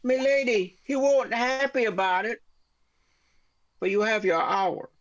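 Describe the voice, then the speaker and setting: A man's voice: sits high, unhurried, no echo, highs cut off, pitched above the performer's own voice. A man voicing a young male messenger with a mangled accent that mixes Southern US and East London. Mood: courteous. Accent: mixed Southern US and East London, put on badly.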